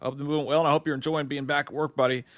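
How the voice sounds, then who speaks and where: A man's voice: a little high, rapid-fire, no echo. Laid-back profane man, dry close mic. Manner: animated, profane, laughs often, reads viewer comments aloud. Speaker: co-host of a movie news stream. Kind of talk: casual live-stream chat.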